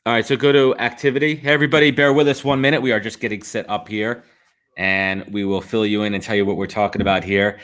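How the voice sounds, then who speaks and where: A man's voice: lowish voice, steady tone, fast talker, a bit bright. An American man hosting a live podcast stream, talking energetically and playfully. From United States. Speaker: podcast host. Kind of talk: casual live-stream chat. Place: home office in New York City.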